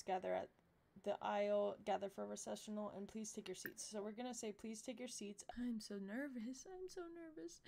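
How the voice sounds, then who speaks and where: A young woman giving excited, gushing commentary as she plays a life-simulation game. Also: mid-range voice, creaky. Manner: excitable and gushing, quick gasps and squeals. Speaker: let's play host. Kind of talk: casual gameplay commentary.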